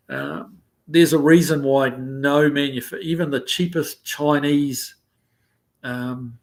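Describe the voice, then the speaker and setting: A man with a New Zealand accent hosting a casual livestream, reading viewer comments aloud in a rambling, easygoing way with plenty of ums and uhs. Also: mid-range voice. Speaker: livestream host. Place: living in the United States.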